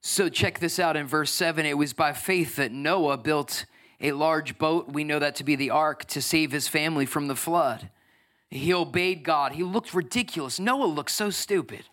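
A man in his thirties preaching a lively sermon as pastor, acting out voices and swinging from loud bursts to soft, tearful moments. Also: fairly high pitch, moderate pace. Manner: energetic, acts out voices, swings from shouting to near tears.

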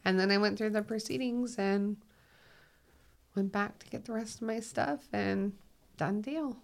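A woman with a Minnesotan accent, a guest talking in a reflective, unhurried way and laughing easily. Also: medium pitch, creaky. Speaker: guest, 911 call taker and dispatcher. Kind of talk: casual conversation.

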